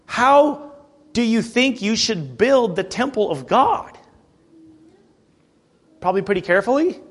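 A man delivering a sermon in a loose, conversational way, breaking off into asides to his listeners. His voice sits high for a man and swings widely in pitch as he preaches. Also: sing-song, unhurried, a bit bright, breathy edge. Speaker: pastor.

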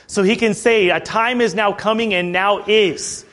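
A man preaching a sermon in a conversational, animated way, with frequent asides to the congregation. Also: high-pitched, a little slow. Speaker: pastor.

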